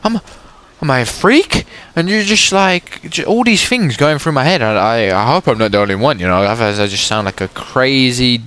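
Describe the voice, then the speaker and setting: A man's voice: medium pitch, lively intonation, brisk, hardly any pauses, a bit bright, clean tone. A young man giving casual gameplay commentary, rambling along and often stammering and repeating his words. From England. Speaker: gaming commentator.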